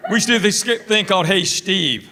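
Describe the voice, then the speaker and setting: A man doing stand-up comedy, telling stories about his friends before a live audience and slipping into quick voices for them. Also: high voice, sharp tone.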